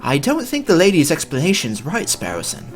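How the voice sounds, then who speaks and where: A man voicing a dignified, stiff lawyer in a game, with a put-on British accent and a low, measured, formal delivery. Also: huge pitch swings, music in the background. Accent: mock British.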